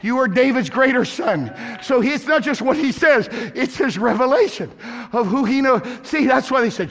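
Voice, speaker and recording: A man preaching a sermon as pastor, swinging from shouted climaxes to hushed drops. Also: very high-pitched, lively intonation, moderate pace. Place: church sanctuary. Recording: echoey hall with music and congregation.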